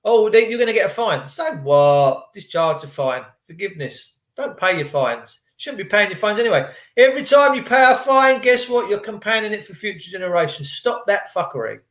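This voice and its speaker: A man's voice: sits high, lively intonation, moderate pace, hardly any pauses, fairly bright tone. A man vlogging a rambling, preachy spiritual monologue to his viewers in casual slang. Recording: echoey room.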